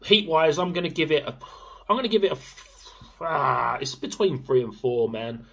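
Young bloke reviewing sauce, chatty, swears a lot, bit husky. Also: male voice, fairly high pitch, moderate pace, a bit bright. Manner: chatty, swears casually, rambling with many fillers. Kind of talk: casual product review vlog. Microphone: camera mic.

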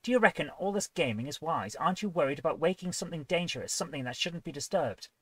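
A woman's voice: sits low, animated, quick pace, breathy edge, no echo. A woman hosting a live game coding stream, chatty and playful, often joking at her own expense. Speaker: host.

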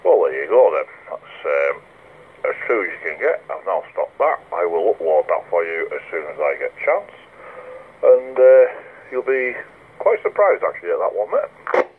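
Man, low-pitched, joking CB radio banter heard through a thin radio line. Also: big pitch swings, normal speed, husky. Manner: jokey, laughing, teasing. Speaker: CB radio operator recording the chat. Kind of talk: casual CB radio chat. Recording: tinny radio transmission with faint hiss.

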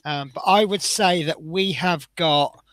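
A man's voice: a little high, a little slow, fairly bright tone, dry recording. A man chatting casually as he builds a scale model, rambling and often breaking off mid-sentence. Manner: chatty, rambling, self-interrupting.

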